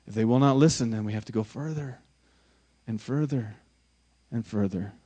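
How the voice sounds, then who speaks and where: A man preaching a sermon as pastor, speaking emphatically, swinging from loud exclamations to hushed lines, often repeating words for emphasis. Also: mid-range voice, moderate pace, breathy edge, muffled recording.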